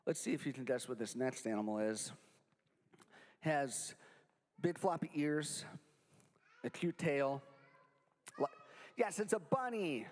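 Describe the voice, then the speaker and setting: A man's voice: fairly high pitch, takes it slowly, long pauses, big-room sound. A young man performing a goofy, interactive children's show with a live audience at a library. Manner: goofy, animated, jokey with the kids. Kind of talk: playful kids' show with sing-along.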